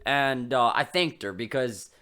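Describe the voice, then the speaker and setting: A man's voice: medium pitch, unhurried, pushed and bright, clean tone. A man co-hosting a podcast in casual chat, laid-back, profane and self-mocking. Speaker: podcast co-host.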